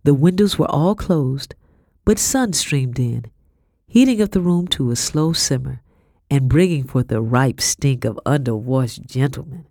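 A woman narrating a historical novel in first person, in a measured storytelling manner. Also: extremely low pitch, lively intonation, warm tone, dry recording, studio quality. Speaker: audiobook narrator.

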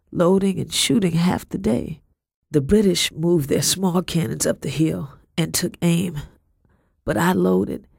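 Gravelly, husky woman narrating a story. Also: sits low, darkish tone, dry recording, studio quality. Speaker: audiobook narrator. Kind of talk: first-person storybook narration.

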